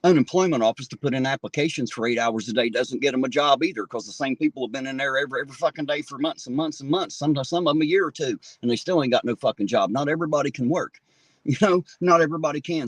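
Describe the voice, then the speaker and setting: A man's voice: medium pitch, fast talker, slightly rough, dry recording. A man livestreaming from a town street on a phone, ranting angrily and swearing heavily. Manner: swears heavily, indignant and fired up. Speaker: livestream host. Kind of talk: angry livestream rant.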